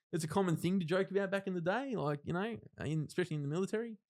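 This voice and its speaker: A man's voice: high-pitched, fast, a little mellow. Man, thirties, podcast guest: blunt, rambling storyteller with lots of restarts and casual swearing. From Australia. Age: 30s. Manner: rambling, self-interrupting retelling with frank swearing and acted-out quotes. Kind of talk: casual interview, personal storytelling.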